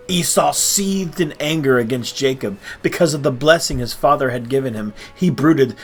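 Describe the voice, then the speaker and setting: A man reading a children's Bible story aloud in an expressive, deliberate way. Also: mid-range voice, husky, soft background music.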